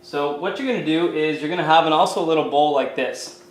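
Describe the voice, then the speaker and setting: A fitness coach from Canada walks viewers through a recipe in his home kitchen, speaking casually to camera with lots of fillers such as "you know." His voice is on the high side and his pace quick. The low-quality recording sounds reverberant.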